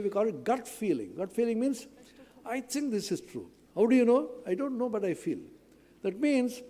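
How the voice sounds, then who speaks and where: A man's voice: high voice, mellow. A man answering student questions at a science event, earnest and explanatory, repeating phrases for emphasis. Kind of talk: lecture-style Q&A answer. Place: large hall at a science day event. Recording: long hall reverb.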